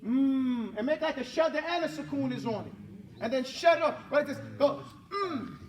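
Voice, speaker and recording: In a classroom recitation session captured on a distant mic, a man with a very high-pitched, expressive voice drills Quran pronunciation. He slowly models sounds, corrects mistakes, and makes students repeat after him over and over, the class audible in the echoey space.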